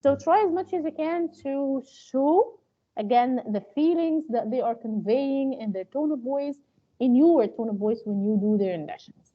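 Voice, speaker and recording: A woman's voice: high voice, lively intonation, normal speed, lo-fi sound. A woman teaching an interpreting class in a loose, spoken lecture style, with many fillers and restarts. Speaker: interpreting instructor. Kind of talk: live online training lecture.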